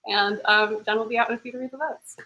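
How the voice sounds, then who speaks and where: A woman's voice: fairly high pitch, steady tone, quick pace, bright, forceful tone, a little hiss or hum, rough recording. A woman co-hosting an online game show, thanking the players and jury in an earnest, heartfelt way over a video call. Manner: earnest, heartfelt, casual fillers. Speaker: game host. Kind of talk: closing thank-you address.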